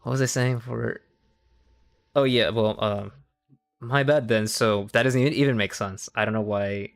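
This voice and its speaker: A man's voice: medium pitch, steady tone, normal speed, gravelly, clear, resonant tone. A young man streaming casual political commentary, rambling, swearing freely and cutting himself off mid-sentence. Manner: profane, rambling, self-interrupting.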